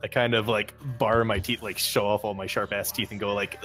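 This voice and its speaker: A fairly low-voiced man at a tabletop game, talking in a soft, hesitant, laid-back way. Faint music runs under his voice. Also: level tone, a little fast. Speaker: player.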